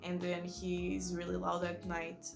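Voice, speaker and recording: Vocal-fry woman chatting about books. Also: on the low side, completely flat delivery, measured pace, over music. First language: not English. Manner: rambling, self-correcting, enthusiastic. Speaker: book vlogger. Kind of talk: casual book review chat.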